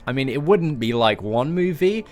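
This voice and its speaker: A man's voice: mid-range voice, lively intonation, moderate pace, soft background music. A young man chatting casually on a live game stream, joking and answering his viewers. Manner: chatty, joking, reads out chat messages.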